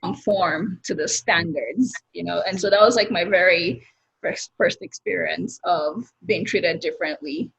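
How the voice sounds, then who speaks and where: Nigerian woman on a video call, husky voice, chatty and open about her own stories. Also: fairly low pitch, a little slow, fairly bright tone, rough recording. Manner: open, talkative, personal storytelling. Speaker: discussion participant. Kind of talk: candid group conversation on a video call.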